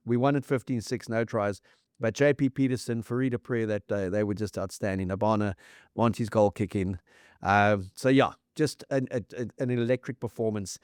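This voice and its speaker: A South African man in relaxed podcast chat about rugby. He sounds enthusiastic, runs through figures and restarts his sentences often. His voice sits mid-range, recorded close and dry. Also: mid-range voice, clear, resonant tone, no echo. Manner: enthusiastic, lists stats, frequent restarts. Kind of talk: casual sports chat.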